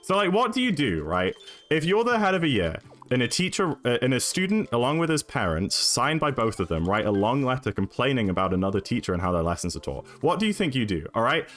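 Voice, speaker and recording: A man's voice: medium pitch, fast talker. A young man with an English accent, chatting and storytelling casually as a streamer, rambling along with lots of fillers and tags like "right?". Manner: animated, rambling, filler-heavy with frequent "right?".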